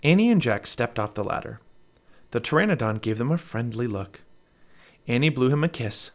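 A man narrating a children's storybook aloud as a parent, with an expressive read-aloud delivery. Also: medium pitch, normal speed.

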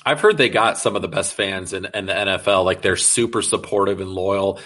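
A man's voice: deep voice, a little fast, fairly bright tone. A man hosting a casual interview, enthusiastic and slangy as he reacts to his guest. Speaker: podcast host.

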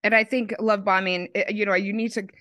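A woman co-hosting a podcast in casual chat, laying out points in a measured way. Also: mid-range voice, steady tone, a bit bright, no echo, clean studio sound. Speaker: podcast co-host.

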